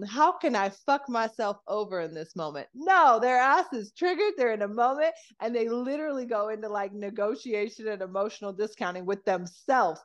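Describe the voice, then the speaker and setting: Guesting on a podcast, a lowish-voiced woman chats casually about nervous system regulation. She gets animated, curses without hesitation, and performs the voices of people she quotes.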